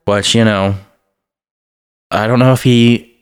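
A man's voice: fairly low pitch, fairly even intonation, slow, clean tone. A man co-hosting a movie podcast in casual chat, rambling and swearing freely with self-deprecating asides. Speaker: podcast co-host.

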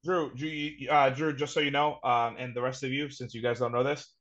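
A man's voice: mid-range voice, little pitch movement, a little fast, a bit bright. A man co-hosting a podcast in casual sports banter, emphatic and repeating himself to press a point. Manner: emphatic, repeats names and phrases insistently. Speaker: podcast co-host. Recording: slightly dull lo-fi podcast audio.

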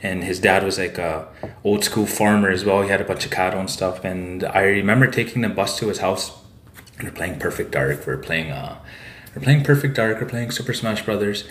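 A Saskatchewan man tells a story as a podcast guest, rambling loosely and tagging his sentences with "eh" and "like." His voice sits low and he talks briskly, with slight background noise and a roomy echo on the recording.

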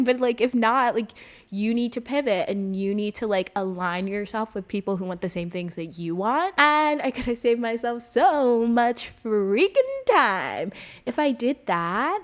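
A young woman hosting her own podcast, talking alone in a chatty, animated way and saying "like" a lot. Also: fairly high pitch, measured pace. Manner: chatty, animated, heavy use of "like". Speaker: podcast host. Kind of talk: casual solo podcast monologue.

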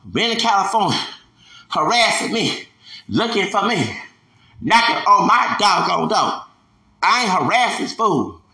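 A man's voice: high voice, sharp tone, reverberant, low-quality recording. A man in his forties from Houston, delivering a heated, emphatic podcast rant that keeps hammering the same points. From Houston, Texas. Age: 40s. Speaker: podcast host. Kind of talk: ranting podcast monologue.

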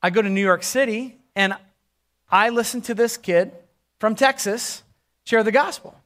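A male pastor in his forties preaching a sermon, swinging from loud emphasis to hushed near-whispers and stretching key words slowly. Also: sits high.

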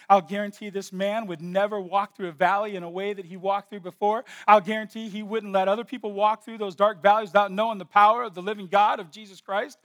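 A man's voice: sits high, fairly bright tone. A man preaching a sermon, driving his points home with emphatic repeated phrases.

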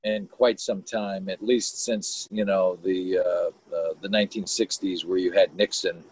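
Husky, rambling man. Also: low voice, fairly even intonation, a little slow, a little mellow, poor audio. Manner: earnest, rambling, searching for words. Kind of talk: casual video chat.

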